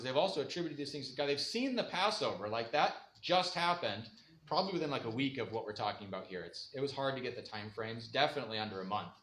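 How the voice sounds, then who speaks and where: Speaking in a mid-range, fairly bright voice, this man teaches the Bible in a relaxed, conversational way, laughing frequently and performing quoted voices. There's a little hiss or hum, and the church room sounds echoey with faint ambience.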